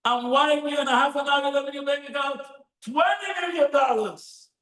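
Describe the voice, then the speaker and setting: A man's voice: extremely high pitch, pushed and bright, reverberant, voice pushed up. Man putting on an astonished eager grown son. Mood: incredulous. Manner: incredulous rapid questions.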